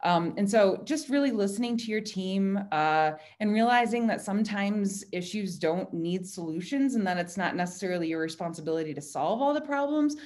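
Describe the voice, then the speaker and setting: A woman talking casually about leadership on a video call, chatty and animated, quoting herself in lively asides. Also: mid-range voice, moderate pace, hardly any pauses. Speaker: design director speaking at a virtual happy hour.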